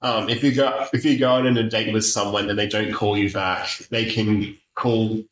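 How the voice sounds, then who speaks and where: A man's voice: fairly low pitch, flat delivery, moderate pace. Guy chatting casually, lots of ums and likes, echoey room. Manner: rambling, lots of fillers and restarts. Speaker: podcast host. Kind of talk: casual chat.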